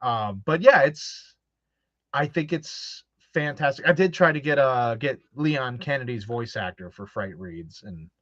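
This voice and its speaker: A man's voice: mid-range voice, animated, a little slow, fairly bright tone, dry recording. A man hosting a casual chat, telling stories animatedly and acting out quoted voices, with frequent laughs. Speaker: host. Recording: dull lo-fi dry sound.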